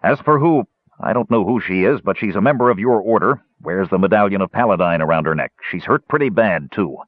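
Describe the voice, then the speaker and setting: A man voicing a weary, gruff city guard captain who speaks grimly and bluntly, on a tinny narrow-band recording. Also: lowish voice, animated, brisk, no room sound. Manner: grim and blunt.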